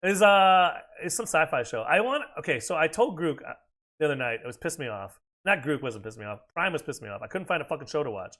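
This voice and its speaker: Streaming a video game, an American man rambles casually and profanely between reactions to what's happening. His voice is a little high and fairly bright, fast, with big pitch swings.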